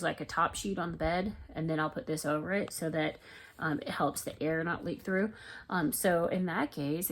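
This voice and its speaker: Excitable woman chatting about crochet. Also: fairly low pitch. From Florida, US. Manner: excitable, rambling, talks to viewers as y'all. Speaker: crochet vlogger. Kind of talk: casual chat to camera.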